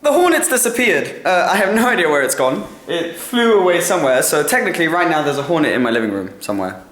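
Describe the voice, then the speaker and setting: A young Englishman talks into a handheld camera in his kitchen, chatty and quick to get excited, poking fun at himself. His voice sits high for a man. The room gives it a noticeable echo. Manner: chatty, excitable, self-mocking. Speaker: vlogger. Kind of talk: casual vlog chat to camera. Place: home, kitchen indoors. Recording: roomy echo.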